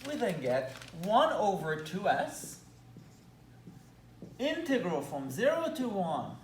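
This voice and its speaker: In an echoey room recorded from a distance, faint hum in the background, a math lecturer with a Belgian accent walks through problems on a whiteboard. He's enthusiastic and playful in his asides. His pitch rises and dips with energy while his tempo remains unhurried and careful.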